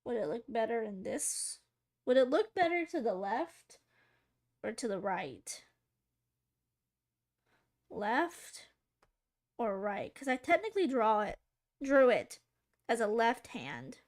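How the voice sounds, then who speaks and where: A woman's voice: a little high, very animated, slow pace, long pauses. A woman streamer chatting casually to her viewers while drawing, rambling, giggly and poking fun at herself. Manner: rambling, giggly, self-mocking, talking to chat.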